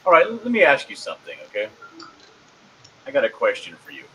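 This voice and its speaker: A man's voice: medium pitch, big pitch swings, fast, heavy background noise. A man co-hosting a casual livestream, teasing and sardonic, with a mock-indignant streak. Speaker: co-host. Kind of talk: casual chat.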